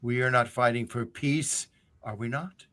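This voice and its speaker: A man reading the lines of a cruel, scheming undead lich queen in a slow, measured, menacing way. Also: medium pitch, fairly even intonation, a bit bright, natural voice. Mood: cold menace.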